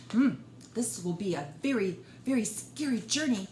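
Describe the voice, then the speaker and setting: Expressive woman reading to children. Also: medium pitch, moderate pace, slight background noise. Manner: expressive, gentle, talks directly to children. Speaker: children's librarian. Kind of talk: storytime read-aloud. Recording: roomy room echo.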